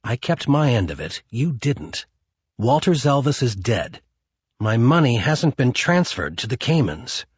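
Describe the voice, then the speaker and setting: Narrator doing a cold hitman, low and quiet, husky, slow, muffled audiobook sound. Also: very animated, dry recording, exaggerated voice. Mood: menacing. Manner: quiet and menacing. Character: cold, calm male hitman.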